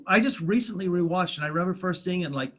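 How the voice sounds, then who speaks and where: A man's voice: high voice, lively intonation, fast, fairly bright tone. A man co-hosting a podcast, chatting casually and rambling about old cartoons with plenty of restarts. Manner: rambling, many restarts and fillers. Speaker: podcast co-host. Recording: dull lo-fi sound.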